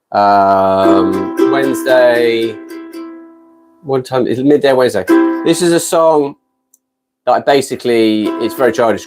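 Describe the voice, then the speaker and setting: A British man in his fifties chatting casually on a live stream from his garden shed, rambling and self-deprecating between ukulele songs. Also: mid-range voice. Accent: British English. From Britain. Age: 50s. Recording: ukulele strumming under the voice. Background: ukulele playing.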